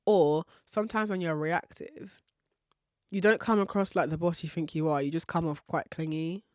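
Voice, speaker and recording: A woman's voice: low voice, steady tone, moderate pace, no room sound, clean studio sound. A woman hosting a podcast, giving frank relationship advice in a candid style, swearing casually and laughing often. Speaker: podcast host.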